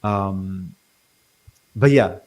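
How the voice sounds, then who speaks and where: A man's voice: deep voice, very slow, a little mellow. A man in his forties from Lebanon, a guest on an interview show, who stutters and leans heavily on fillers and restarts. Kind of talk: casual interview talk.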